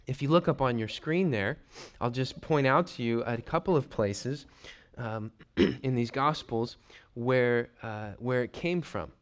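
Here a man of medium pitch is preaching, a pastor giving a spirited teaching sermon. Now and then he clears his throat, and he adopts voices for quick side remarks.

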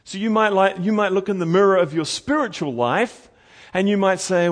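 A middle-aged man preaching a sermon as pastor, earnest, slowing down to stress key words. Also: high-pitched.

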